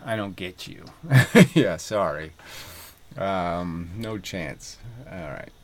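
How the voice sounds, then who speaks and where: A man's voice: low-pitched, very slow. Rambling, profane man vlogging. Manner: rambling, profane, laughing asides, many fillers. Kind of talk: rambling casual monologue. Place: outdoors, windy, by water. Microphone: camera mic.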